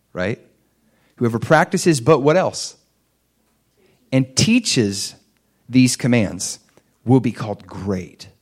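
A man preaching a sermon in a conversational way, checking in with the congregation and rising to emphatic peaks. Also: mid-range voice. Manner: asks the audience for agreement.

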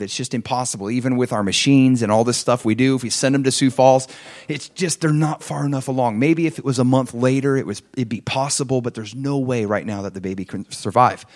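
Storytelling drives this pastor's conversational sermon, and he often asks his congregation questions. He plays the characters he quotes, his pitch and loudness rising and falling dramatically.

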